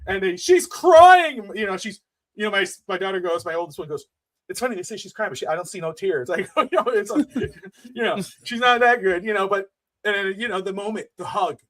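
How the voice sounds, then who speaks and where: A middle-aged man co-hosting a wrestling podcast, excitable and swearing, laughing often as he acts out the moments. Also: sits high, a little fast. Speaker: podcast co-host. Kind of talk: casual wrestling podcast chat.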